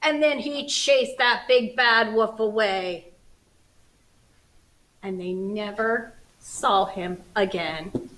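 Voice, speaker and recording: A woman librarian reading a storybook aloud to children, expressive and animated, with playful asides. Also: mid-range voice, takes it slowly, poor audio.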